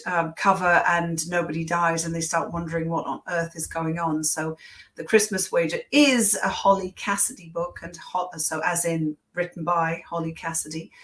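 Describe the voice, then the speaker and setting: A woman author answering interview questions in a thoughtful, conversational way, with frequent fillers and restarts. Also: on the low side.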